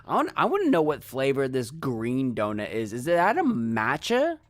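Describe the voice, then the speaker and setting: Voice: mid-range voice, wildly swooping pitch, normal speed, faint music behind. Goofy game streamer rambling to chat, voice jumps around a lot. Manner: playful, rambling, talks to chat. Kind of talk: live game commentary.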